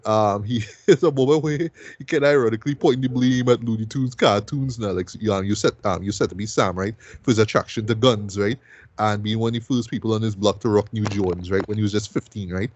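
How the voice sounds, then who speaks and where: A man's voice: on the low side, a little fast, darkish tone, highs cut off, slight background noise. A man hosting a music review show, talking loosely and casually and ending most sentences with "right?".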